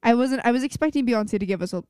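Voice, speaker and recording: Bright-pitched young woman, excitable chat. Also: fast talker, clean tone, no echo, studio quality. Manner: excitable, laughing, gushing. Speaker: podcast co-host. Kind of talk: casual chat.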